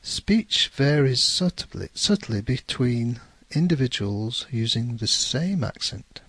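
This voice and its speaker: A man with a Northern English accent giving a measured lesson, careful and correcting himself now and then. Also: mid-range voice, very animated, fairly bright tone, breathy edge, no room sound. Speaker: English teacher. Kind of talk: scripted explanatory lecture.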